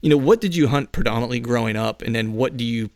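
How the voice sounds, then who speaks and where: Gravelly-voiced rambling podcast host, man. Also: medium pitch, quick pace, darkish tone, no echo, clean studio sound. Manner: rambling, filler-heavy, laughs often. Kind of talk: casual interview chat.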